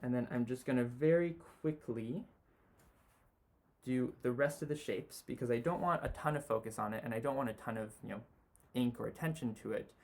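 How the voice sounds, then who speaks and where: A man walks through a sketch step by step as he draws, relaxed and unhurried. His voice sits in an ordinary middle pitch, and his talk is loose and full of small fillers. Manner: relaxed, talks while drawing, many "you know" fillers. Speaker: design tutor. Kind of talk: sketching demonstration.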